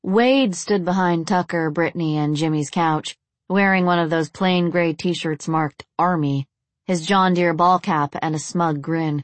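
Woman reading a novel, deep-ish steady voice, dry close sound. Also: a little slow, no room sound. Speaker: narrator. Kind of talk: audiobook narration.

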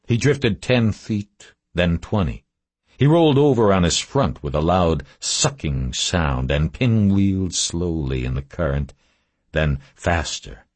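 Very deep husky male narrator. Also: dry recording. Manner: terse, measured, low-key delivery. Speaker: audiobook narrator. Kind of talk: scripted first-person narration.

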